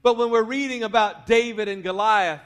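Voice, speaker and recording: A pastor with a drawl preaches from the pulpit in an easygoing, conversational way. His voice sits a little high for a man. He lets phrases trail off softly, then lifts to push the room into responding. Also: normal speed. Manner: conversational preaching, drops to quiet endings, rises to urge the crowd. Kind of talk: sermon. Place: church sanctuary.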